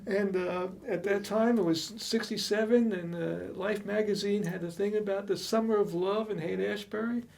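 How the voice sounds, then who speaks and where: A man in his seventies reminiscing in casual chat, relaxed and measured, chuckling at times. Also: high voice, gravelly. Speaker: co-host.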